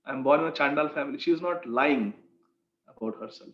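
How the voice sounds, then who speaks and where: A man's voice: a little high, fairly quick, a bit bright. Man telling a devotional story. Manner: earnest, explains asides to the listeners. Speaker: spiritual teacher. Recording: echoey, dull lo-fi room recording.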